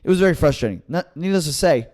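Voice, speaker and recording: On a laid-back comedy podcast, a young comic and co-host rambles through lengthy tales from his shows, circling back with fillers and restarting often. He performs the voices of anyone he quotes. His pitch is fairly high, his delivery quick and expressive, with a slightly mellow tone.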